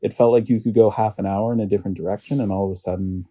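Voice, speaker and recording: An American man chats as a podcast guest in a low, very dark voice. He rambles and restarts his sentences. The audio is muffled and lo-fi. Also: fairly even intonation. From United States. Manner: rambling, halting, laughs often. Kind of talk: casual chat.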